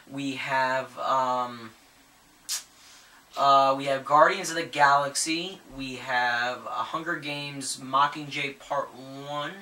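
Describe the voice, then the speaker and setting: Male movie vlogger, eager and rambling, crisp bright tone, roomy echo. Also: medium pitch, recorded from a distance. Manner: rambling, many fillers and restarts; enthusiastic. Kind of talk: casual news commentary. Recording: echoey room, voice set back from the mic, faint ambient noise.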